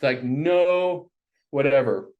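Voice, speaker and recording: A middle-aged man telling a story in casual conversation, animated and jumping up into high voices when he quotes people. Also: slow pace, phone-quality sound. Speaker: podcast guest.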